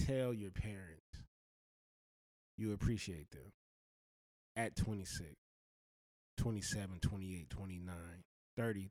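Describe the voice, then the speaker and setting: A man's voice: sits low, a little mellow, no echo. A man giving earnest, blunt life advice in a slangy, heartfelt monologue.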